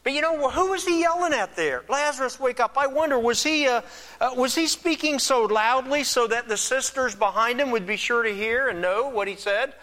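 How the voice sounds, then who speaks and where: Bright-voiced man preaching a sermon. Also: very high voice, animated, moderate pace. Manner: builds from soft reflective to loud emphatic preaching. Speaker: pastor.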